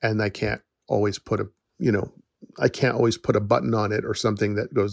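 A middle-aged man, a podcast host and forest educator, talks casually on his solo show in an earnest, reassuring way, laughing now and then. His medium-pitched voice is gravelly and a little fast, captured in a dry, clean studio recording.

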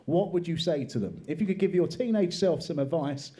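A man hosting a comedy panel show, announcing the comics and the rounds in an upbeat, brisk way. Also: fairly high pitch, lively intonation, mellow. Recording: noisy room with a live audience.

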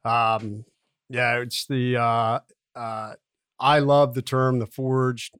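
A man's voice: mid-range voice, flat delivery, takes it slowly, fairly bright tone, clear, resonant tone, no echo, clean studio sound. A man hosting a podcast, explaining the format and asking long, rambling, thoughtful questions. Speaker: podcast host. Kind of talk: interview hosting.

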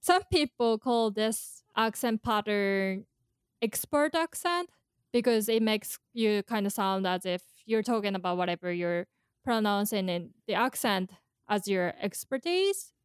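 Woman, podcast co-host; clear resonant tone, halting and thoughtful, dry close sound. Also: mid-range voice, expressive, no echo. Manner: thoughtful, halting explanations with many fillers. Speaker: co-host explaining Japanese pitch accent. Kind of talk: casual podcast chat.

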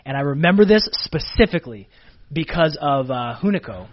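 A Canadian pro wrestler tells stories in a casual interview, animated and full of fillers and restarts. His voice is a little high and moderately paced. The recording sounds muffled.

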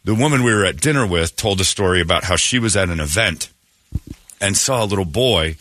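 Low-voiced man telling a rambling story. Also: animated, a little fast, fairly bright tone, dry recording, clean studio sound. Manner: rambling, self-amused, acts out quotes in exaggerated voices. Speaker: radio show host. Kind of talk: casual storytelling on morning radio.

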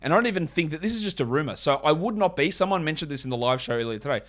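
A sarcastic man hosts a fantasy basketball podcast, sounding fired up as he rants through the sports news. His voice sits slightly high for a man. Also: quick pace, a bit bright. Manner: ranting, sarcastic, mocks others in put-on voices.

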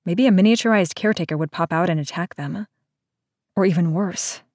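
A woman narrating a novel aloud in a steady, even storytelling manner. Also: on the low side, brisk, no echo, studio quality. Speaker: audiobook narrator. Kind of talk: scripted narration.

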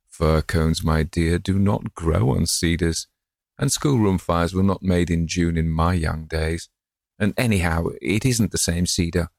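A man as a wistful old gentleman. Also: low-pitched, unhurried, creaky, no echo, clean studio sound. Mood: fond. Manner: wistful, musing aloud. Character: dreamy old gentleman, tender, tree-loving.

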